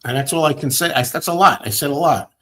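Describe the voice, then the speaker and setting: A man hosting a show, ranting and telling everyday stories in a casual, animated way. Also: on the high side, fast. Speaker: host. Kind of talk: casual chat.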